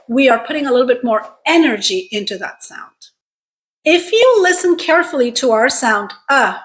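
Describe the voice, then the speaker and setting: A woman with a somewhat high voice leads a pronunciation lesson. She talks straight to her viewers in an encouraging, clear way and slows down to stretch out the sounds she models. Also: fairly bright tone. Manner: clear, deliberate teaching with drawn-out model sounds; encouraging, direct address to viewers. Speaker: accent coach.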